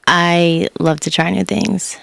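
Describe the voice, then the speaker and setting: Slow-speaking woman podcast guest. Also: fairly low pitch, fairly even intonation, vocal fry, a bit bright, no room sound. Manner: candid, reflective, laughs often. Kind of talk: casual conversation.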